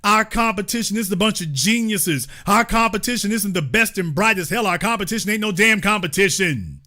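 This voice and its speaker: A man's voice: high-pitched, expressive, a little fast, bright, forceful tone. A man hosting a call-in show, talking emphatically and mockingly with preacher-like repetition. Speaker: host. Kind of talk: live call-in show commentary.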